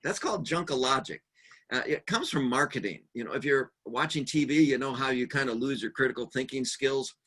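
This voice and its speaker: A man leads a conference workshop with a bright, forceful voice. He talks in a lively, humorous way, mixing advice with stories. He often slips into the voices of the people he describes. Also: medium pitch, fairly quick, husky. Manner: humorous storyteller acting out quoted voices; lively, animated delivery. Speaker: seminar speaker.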